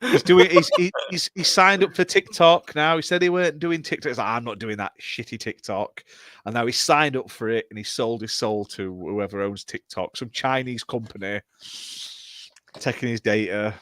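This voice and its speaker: British man, podcast host, brash banter, mid pitch, dry close mic. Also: moderate pace, fairly bright tone, no echo. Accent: British English. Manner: brash banter, swears freely. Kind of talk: casual podcast chat.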